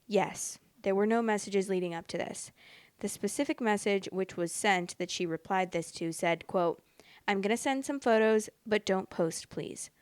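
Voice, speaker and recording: A young woman hosting a storytime podcast, reading posts aloud and reacting bluntly in a casual, expressive way. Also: medium pitch, normal speed, no room sound. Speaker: podcast host reading stories.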